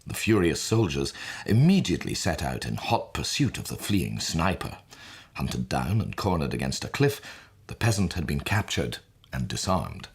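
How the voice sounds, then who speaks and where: A man narrating a scripted story in a measured, dramatic way. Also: extremely low pitch, very animated, slightly rough. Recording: soft music under voice.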